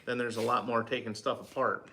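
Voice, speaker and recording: A man's voice: medium pitch, level tone, brisk, pushed and bright, slight background noise. A man co-hosting a casual livestream, reading viewer comments and talking in hesitant, stumbling restarts. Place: home craft room.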